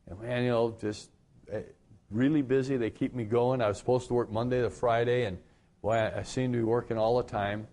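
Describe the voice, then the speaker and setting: A middle-aged male pastor giving a radio sermon, telling a story in a conversational way with lively jumps in pitch. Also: brisk.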